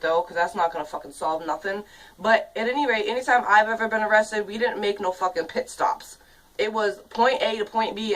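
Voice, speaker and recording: A woman's voice: medium pitch, recorded from a distance, low-quality recording. A woman of thirty ranting in a casual vlog, angry, profane and rambling, full of "you know what I mean" fillers. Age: 30s.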